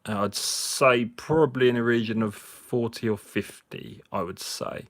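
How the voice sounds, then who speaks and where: A man's voice: mid-range voice, unhurried, a bit bright. A man, slightly drunk, hosting a casual live chat with viewers, jokey and chatty and laughing often. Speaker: livestream host. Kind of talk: casual live chat while cleaning finds.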